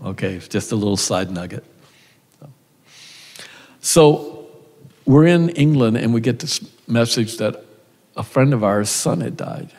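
A man's voice: medium pitch, expressive, measured pace, long pauses, a little mellow. An older man preaching a sermon with folksy, conversational storytelling in a church. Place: church sanctuary. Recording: church hall reverb.

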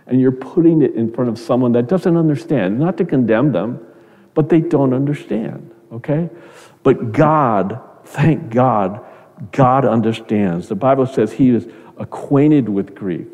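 Middle-aged guy preaching, earnest, restarts words a lot, dark mellow voice, long reverb. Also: unhurried. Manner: earnest, repeats words, rises in pitch when quoting others. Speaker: pastor. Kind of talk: sermon.

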